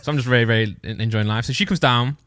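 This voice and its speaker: A man's voice: medium pitch, very fast, fairly bright tone, clear, resonant tone, dry recording, studio quality. A young man telling a rambling story on a podcast, often breaking off and laughing as he goes. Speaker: podcast co-host. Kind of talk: casual storytelling chat.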